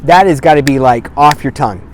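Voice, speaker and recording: A man's voice: medium pitch, brisk, a little mellow, slight background noise. Blunt, swearing male sobriety coach. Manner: blunt, emphatic, swears for emphasis. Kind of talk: direct-to-camera motivational talk. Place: outdoors on a cloudy day.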